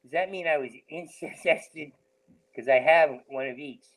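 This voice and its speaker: A man's voice: a little high, unhurried, rough recording. A male comedian riffing in a rambling stream of consciousness, with heavy stammering and sudden jumps between topics. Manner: heavy stammering, repeats sounds and words. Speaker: comedian guest.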